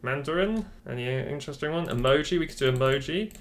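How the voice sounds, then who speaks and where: A man's voice: on the high side, lively intonation, fast talker, a little hiss or hum. Chatty man at a desk. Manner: chatty, offhand, self-deprecating asides. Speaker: tech tutorial host. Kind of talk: casual screen-recorded tutorial. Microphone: desk microphone.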